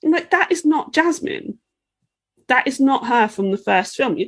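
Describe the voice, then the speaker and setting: A woman's voice: sits high, expressive, a little slow. Ranting, sweary woman on a podcast. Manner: ranting, mocking impressions, swears freely. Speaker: podcast co-host. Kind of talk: casual podcast chat.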